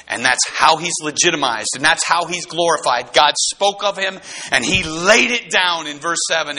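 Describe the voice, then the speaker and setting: Fervent high-voiced male preacher. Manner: fervent, swells into shouts on key points; folksy, repeats and restarts words. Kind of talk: sermon.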